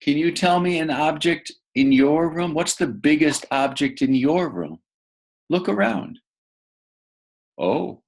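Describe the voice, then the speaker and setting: A man's voice: fairly high pitch, lively intonation, a little slow, hardly any pauses. A man teaching vocabulary to young learners, patiently repeating words and asking the listener to say them back. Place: room with a bed, indoors.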